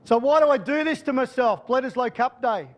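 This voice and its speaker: A man's voice: extremely high pitch, expressive, a little fast. An Australian man giving a conference keynote as a sports strategist, telling stories with jokes. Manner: storytelling, joking. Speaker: guest speaker and sports strategist.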